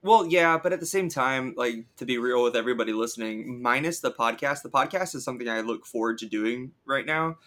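A man's voice: medium pitch, brisk, hardly any pauses, a bit bright. A man co-hosting a podcast, chatting casually and enthusiastically, coming down with a cold. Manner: chatty, enthusiastic, filler-heavy. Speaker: podcast co-host. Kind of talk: casual chat.

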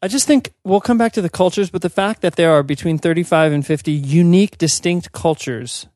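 A man's voice: a little high, darkish tone. A man from the United States co-hosting a podcast, joking and bantering in a casual chat. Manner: joking, quick-witted banter. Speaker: podcast co-host.

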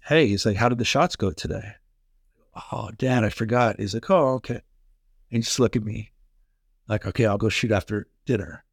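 A middle-aged man from Canada, a former pro hockey player, telling energetic, fast-flowing stories in a podcast interview. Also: fairly low pitch, no echo, studio quality. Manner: energetic, fast-flowing anecdotes with quoted dialogue. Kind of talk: animated storytelling in a podcast interview.

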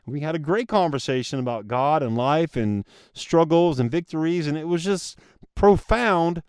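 A man talks earnestly on his own podcast, casual and encouraging, and he keeps calling his listeners guys. His voice sits a little high for a man and comes through smooth and clear. The sound is dry and close, with no room echo. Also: animated, normal speed, darkish tone. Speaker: podcast host. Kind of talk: motivational solo podcast talk.

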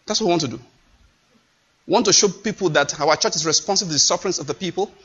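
A man's voice: high-pitched, quick pace, a bit bright, husky. A man preaching a sermon, impassioned and emphatic, repeating his phrases. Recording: dull lo-fi recording.

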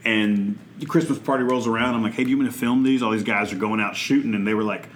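A man, hosting a casual podcast chat and asking his guests questions in a relaxed drawl. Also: fairly low pitch, quick pace, a little hiss or hum.

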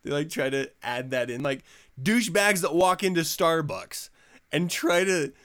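A man's voice: fairly high pitch, moderate pace, fairly bright tone. A man hosting a podcast in casual chat, ranting profanely and laughing often. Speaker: podcast host.

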